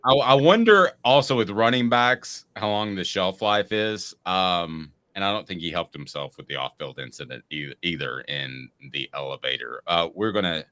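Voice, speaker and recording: A man's voice: deep voice, lively intonation, normal speed, few pauses, a bit bright. A man hosting a casual sports talk show, upbeat and steering the chat with questions to his co-host.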